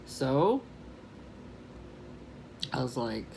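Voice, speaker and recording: A woman's voice: fairly low pitch, sing-song, takes it slowly, pauses often, slight background noise. A woman in her twenties from New York, telling a rambling story on her vlog and often laughing at herself. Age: 20s. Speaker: vlogger.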